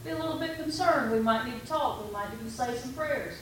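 A woman pastor delivers a sermon, relaxed and conversational, slipping into little stories and the dialogue she had with people. Her voice sits a bit high and comes from some distance off the mic. The room is very echoey, with a faint hum of noise underneath. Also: fairly quick. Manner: conversational storytelling preaching, quoting her own talks.

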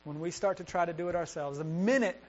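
A young man preaches a sermon in an earnest, conversational way, circling back and restarting his phrases as he thinks aloud. His voice sits a little high for a man. The recording is dull and lo-fi, with a steady mains hum behind him. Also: fast talker. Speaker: pastor.

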